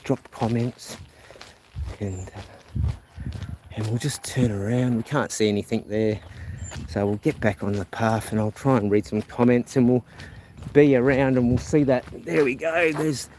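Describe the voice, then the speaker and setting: Kiwi male streamer, mid-pitched, rambling and friendly with viewers, recorded on a phone outdoors with loud ambient noise. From New Zealand. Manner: rambling, chatty, reads viewer comments aloud. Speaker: live streamer. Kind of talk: casual walking live stream. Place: outdoors on a rural path. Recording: outdoor noise with passing vehicles. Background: outdoor ambience, animals, vehicles.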